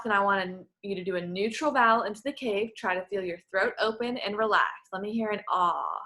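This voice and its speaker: A woman's voice: medium pitch, a little fast, hardly any pauses, sharp tone. A woman working as a voice clinician, giving patient, encouraging step-by-step instructions in a therapy session.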